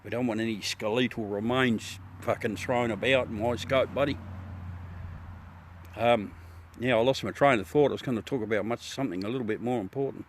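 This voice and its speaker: A man's voice: mid-range voice, brisk, a little hiss or hum. An Australian man hosting a casual live chat with viewers from his backyard at night, swearing freely and laughing often. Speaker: livestream host.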